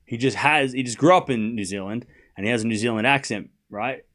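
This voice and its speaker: An Australian man on a live tennis watchalong, riffing straight at his chat in a loose, animated rant. He mocks his viewers with put-on voices and keeps up a teasing back-and-forth. His voice sits at an everyday middle pitch. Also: brisk. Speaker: livestream tennis host. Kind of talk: casual ranting chat to viewers.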